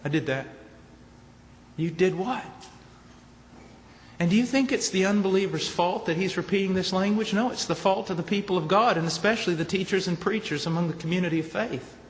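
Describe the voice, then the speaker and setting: A man preaching at a conference, emphatic, ranging from low, quiet statements to shouted points. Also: brisk. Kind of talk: conference sermon. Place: large conference hall. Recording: echoey hall with faint noise.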